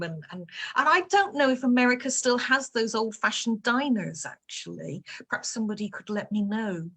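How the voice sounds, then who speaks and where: An English author answering reader questions chats casually about her life and work, telling playful stories full of fillers. Her mid-range, fairly bright voice has lively intonation, and she talks at normal speed with hardly any pauses.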